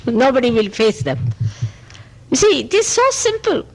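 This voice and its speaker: A woman with an Indian accent speaks in a fairly high voice, answering questions from her listeners. She is animated and emphatic, and her pitch leaps on the points she stresses. The sound comes from an old archival tape recording. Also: moderate pace, background noise. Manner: speaks in short repeated phrases with "you see". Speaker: spiritual teacher. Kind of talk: spontaneous spiritual talk answering questions.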